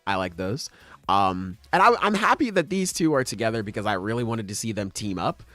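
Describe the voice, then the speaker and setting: Laid-back swearing man, lively voice. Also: fairly low pitch, a little fast, no room sound. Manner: laid-back, profane, acts out characters in offhand paraphrase. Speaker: podcast co-host. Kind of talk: casual chat recapping manga chapters.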